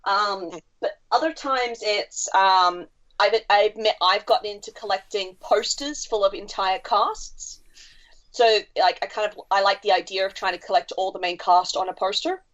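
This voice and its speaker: A chatty woman co-hosts a casual podcast, telling stories and swearing as she goes. Her pitch sits in the middle range. The sound is a little dull and lo-fi. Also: normal speed, fairly bright tone. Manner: chatty storyteller, swears freely. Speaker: podcast co-host.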